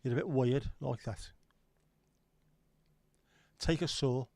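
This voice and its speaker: A man's voice: medium pitch, takes it slowly, vocal fry, a little mellow, dry recording. Rambling middle-aged man, livestream host. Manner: rambling, sweary, reads out chat comments. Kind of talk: casual livestream chat.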